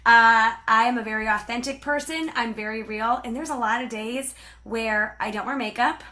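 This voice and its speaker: Bubbly, bright-voiced woman trainer. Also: a little high, steady tone. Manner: bubbly and chatty, talks fast. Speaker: sales team director and trainer. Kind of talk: live-streamed training talk.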